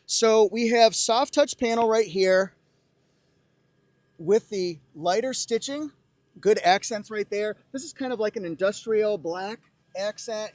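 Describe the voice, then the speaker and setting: A man whose voice sits high leads a cheerful walkaround review of a car, moving between the dealership lot and the interior. He highlights features, tosses in playful asides, and quotes songs as a joke, all with no echo.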